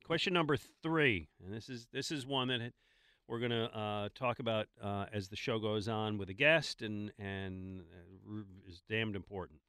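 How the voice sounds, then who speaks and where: A man hosting a sports radio show, his voice lowish but bright and forceful. He talks casually and wryly, often restarting his sentences. The studio sound is dry and close. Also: steady tone, moderate pace, creaky, clear, resonant tone, no echo. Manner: wry, asks the questions, hesitant restarts.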